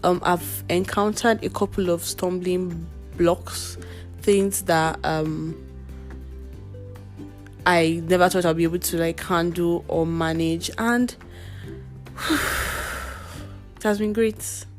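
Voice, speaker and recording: A woman's voice: on the low side, steady tone, slow pace, pauses often, faint music behind. A woman hosting her own podcast in a casual, chatty solo talk. She speaks straight to her listeners in a playful way. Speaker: podcast host.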